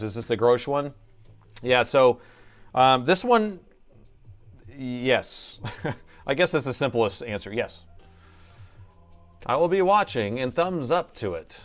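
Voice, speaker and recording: A middle-aged man talks loosely through a laptop repair on a live stream. He jokes with viewers and reads their chat aloud as he works, in a relaxed, chatty way. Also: medium pitch. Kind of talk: casual live-stream chat while working.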